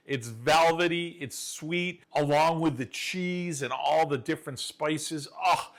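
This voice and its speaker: A man's voice: on the high side, slow. A man hosting a cooking show from his kitchen, talking to viewers in an enthusiastic, folksy, chatty way. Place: home kitchen.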